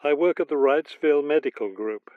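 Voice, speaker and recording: A man's voice: on the high side, fairly quick, dry recording, lightly acted. A man playing an office manager who calls to arrange a phone line in a scripted exam dialogue, giving plain, cooperative answers. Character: polite male office manager calling to order a phone line. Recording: tinny dry phone-like studio audio.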